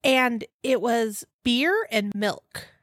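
A woman's voice: a little high, fairly even intonation, extremely slow, fairly bright tone, no echo, studio quality. A woman co-hosting a casual podcast chat, laughing often as she talks. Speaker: podcast co-host.

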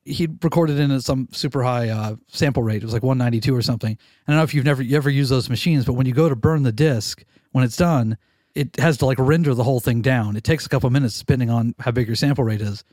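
Male studio engineer guest, candid and profane, lively storyteller, close and dry. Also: medium pitch, fast talker, dry recording. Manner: animated, candid storyteller who swears casually and restarts sentences. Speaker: recording engineer, podcast guest. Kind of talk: casual storytelling interview.

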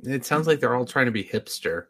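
A man's voice: mid-range voice, animated, fairly quick, fairly bright tone, breathy edge, dry recording. A man chiming in on a casual hockey podcast with dry, wry remarks. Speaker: podcast co-host.

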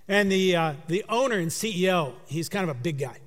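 A man preaching a sermon through a story, in a conversational way that drops to a hush for emphasis. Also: sits high, expressive, fairly quick. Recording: long hall reverb.

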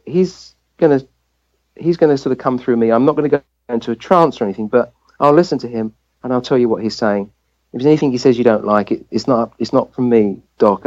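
A man's voice: mid-range voice, a little mellow, muffled recording. An English man, a family physician, telling a personal story as a guest in an interview, and acting out the voices he quotes. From England.

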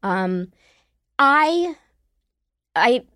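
Woman guest, halting talk full of fillers. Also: fairly high pitch, very animated, a bit bright, no room sound, studio quality. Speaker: podcast guest. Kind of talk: casual chat.

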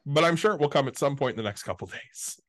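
A man co-hosting a podcast, venting quickly and profanely about family obligations in casual chat. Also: a little high, expressive, no echo, studio quality. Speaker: podcast co-host.

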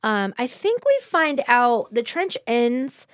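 A woman's voice: a little high, sing-song, slow pace, no room sound, studio quality. A woman co-hosting a book podcast who chats casually, swears freely and acts out little quotes while telling stories. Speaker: podcast co-host. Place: podcast studio. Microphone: studio microphone.

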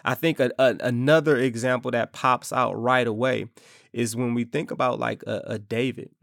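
A man delivering a relaxed, conversational sermon that slips between scripture reading and slangy street-talk asides. His mid-pitched voice carries a gravelly fry, and the sound is dry and close to the mic. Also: no room sound. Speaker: preacher. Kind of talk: casual sermon.

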